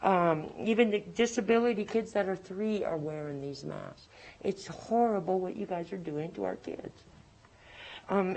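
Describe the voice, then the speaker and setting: A woman's voice: mid-range voice, dark tone, low-quality recording. Angry woman addressing a board. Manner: angry, confrontational. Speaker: public commenter.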